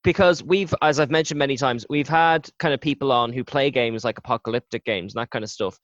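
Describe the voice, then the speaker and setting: A man's voice: medium pitch, fairly quick, dry recording. A man hosting a casual interview, asking curious questions and laughing easily. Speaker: podcast host. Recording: dry, dull lo-fi sound.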